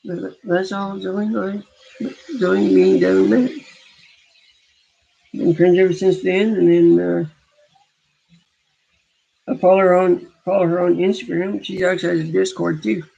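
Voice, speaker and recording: A man with a high, gravelly voice tells a meandering story in a casual way, often backing up and restarting his sentences. The recording is muffled and lo-fi. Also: fairly even intonation, measured pace, pauses often, warm tone. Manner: rambling, with frequent restarts. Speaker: gamer recounting a story. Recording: dull lo-fi recording.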